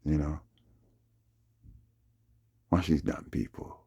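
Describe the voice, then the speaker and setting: Husky gravelly man ranting. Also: rumbling low, slow, warm tone, dry recording, muffled recording. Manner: agitated, repeats himself, acts out the other people's lines. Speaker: vlogger. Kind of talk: rambling monologue recounting a dispute.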